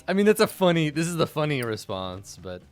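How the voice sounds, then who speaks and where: A man's voice: on the high side, very animated, moderate pace, soft background music. A young man casually commenting on a game he is playing, joking and rambling with a self-mocking streak. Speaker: let's-play host.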